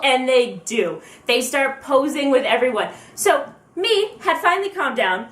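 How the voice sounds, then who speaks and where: A young woman vlogger telling a story fast and excitedly, acting out her own thoughts as she goes. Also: sits high. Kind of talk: casual storytelling. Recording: roomy, distant from the mic.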